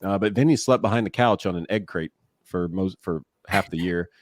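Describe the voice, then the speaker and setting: A man in his forties, a former pro ballplayer turned broadcaster, telling animated stories in a casual podcast interview. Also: low-pitched, fairly quick, no echo. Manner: animated, laughing storyteller who acts out quotes.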